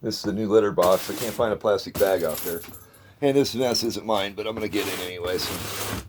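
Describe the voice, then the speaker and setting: A man's voice: lowish voice, brisk, background noise. A middle-aged man talking to the camera in a rambling casual vlog, chatty and meandering, with grumbling asides. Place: outdoors near a dumpster.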